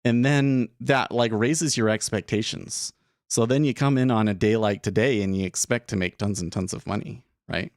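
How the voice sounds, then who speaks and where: Rambling low-voiced man streaming trades. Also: fairly even intonation, moderate pace, a little mellow, no room sound, studio quality. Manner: rambling, thinking aloud with many restarts. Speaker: day trading streamer. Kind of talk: casual live-stream commentary.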